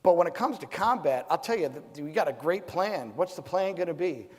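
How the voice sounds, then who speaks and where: A man's voice: a little high, lively intonation, fairly quick. A man in his forties, a decorated veteran on a forum panel, giving a fired-up speech full of rhetorical questions. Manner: fiery, rhetorical questions, loud bursts. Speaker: Medal of Honor recipient panelist. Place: large event hall. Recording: hall reverb.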